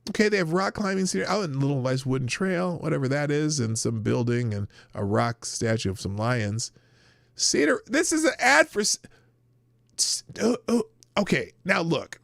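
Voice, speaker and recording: A man's voice: on the high side, big pitch swings, normal speed, gravelly, fairly bright tone, no echo, clean studio sound. A middle-aged man from Nebraska hosting a live news commentary show, chatting loosely and narrating to himself as he clicks through clips. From Nebraska, US Midwest. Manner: rambling, chatty, talks to himself while working the screen. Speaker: show host.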